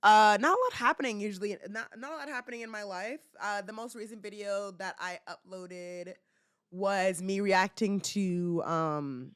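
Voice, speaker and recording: A woman's voice: mid-range voice, normal speed, smooth, no echo, clean studio sound. A young woman in her twenties hosting a podcast, chatting casually and rambling with fillers and laughs. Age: 20s. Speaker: podcast host. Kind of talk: casual chat.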